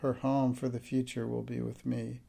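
A man voicing a hot-tempered but kindly older gentleman who speaks firmly and curtly. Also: medium pitch, little pitch movement, normal speed, creaky, slightly rough.

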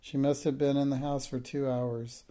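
A man's voice: medium pitch, flat delivery, moderate pace, warm tone, close to an everyday voice. A man doing a stern, indignant headmistress. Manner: cold, formal and indignant. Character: stern, rigidly polite woman headmistress.

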